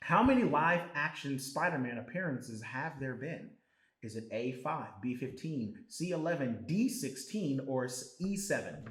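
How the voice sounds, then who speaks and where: A man hosting a trivia game on a podcast, animated and joking. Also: mid-range voice, normal speed, reverberant. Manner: animated, laughing, loose and joking. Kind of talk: casual podcast chat.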